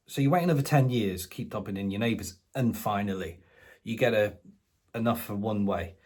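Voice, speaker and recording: A man's voice: fairly low pitch, brisk, a little mellow. A middle-aged British man giving a sarcastic, casual commentary monologue, mocking and incredulous, with colloquial asides. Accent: British English. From Britain. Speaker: political commentator.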